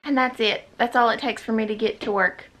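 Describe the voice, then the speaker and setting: A young woman chatting casually to the camera in a rambling, relaxed way. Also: fairly high pitch, a little fast, music in the background. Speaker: vlogger. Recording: dull lo-fi recording with loud background noise.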